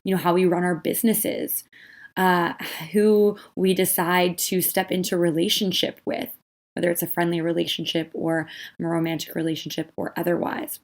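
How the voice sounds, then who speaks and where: A woman's voice: fairly low pitch, little pitch movement, normal speed. A young woman hosting a spiritual podcast, talking earnestly and loosely with lots of "you know" fillers. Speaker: podcast host. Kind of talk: casual podcast talk.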